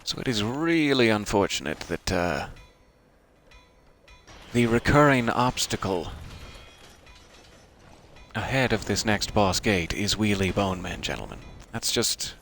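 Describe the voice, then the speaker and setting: A man's voice: on the low side, animated, measured pace, pauses often, fairly bright tone, slight background noise. A man chatting wryly through his gameplay, with mock-formal asides as he plays. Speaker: streamer playing a video game. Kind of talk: casual gameplay commentary.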